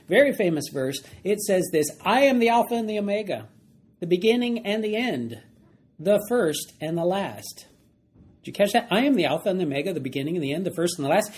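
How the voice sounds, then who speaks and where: Husky guy teaching a bible study, gets excited, repeats himself for emphasis. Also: high-pitched. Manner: animated, emphatic, repeats key phrases.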